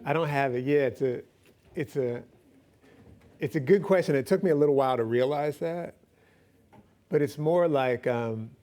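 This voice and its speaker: A man's voice: medium pitch, normal speed, long pauses, darkish tone. A man speaking as a guest author, answering questions in a loose, rambling way with frequent laughs and fillers. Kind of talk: casual Q&A answers.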